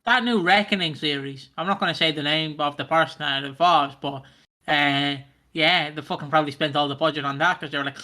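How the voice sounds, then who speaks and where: A man's voice: fairly high pitch, a little fast, pushed and bright. A man hosting a casual podcast chat, jokey and rambling, swearing now and then. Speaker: podcast host.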